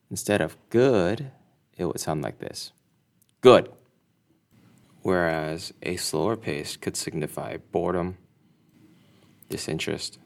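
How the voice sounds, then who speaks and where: Low slow guy explaining stuff in a lesson, calm and deliberate. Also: creaky. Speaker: instructor.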